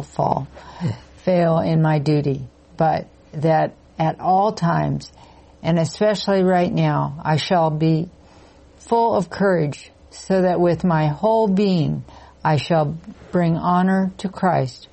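A woman in a Bible study group reading scripture aloud slowly and carefully, correcting herself as she goes. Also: low voice, vocal fry, mellow.

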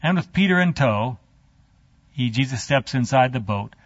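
A man teaching a Bible study, retelling a story in an animated, halting, chatty way with a handout. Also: medium pitch, no echo. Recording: dull lo-fi dry.

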